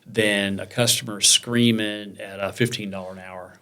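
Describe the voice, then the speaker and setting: A man hosting an interview, chatting casually, laughing along and jumping in with quick agreement. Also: fairly low pitch, steady tone, bright, forceful tone.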